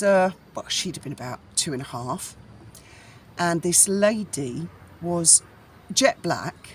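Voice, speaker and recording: A woman's voice: lowish voice, a bit bright, husky. Chatty, blunt middle-aged Englishwoman. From England. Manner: rambling, chatty and blunt, with casual swearing. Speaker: vlogger. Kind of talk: casual storytelling vlog. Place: outdoors in a breeze.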